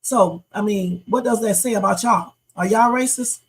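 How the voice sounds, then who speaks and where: A woman's voice: medium pitch, normal speed, breathy edge, low-quality recording. A middle-aged woman hosting a reaction livestream, giving blunt, emphatic commentary straight to her chat.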